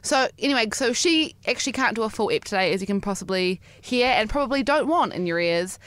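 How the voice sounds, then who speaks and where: A woman co-hosting a casual podcast, chatting and teasing her friend, laughing often. Her voice sits a little high and moves around a lot as she talks. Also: expressive, fairly quick, few pauses, a bit bright, no echo. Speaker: podcast co-host. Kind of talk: casual chat.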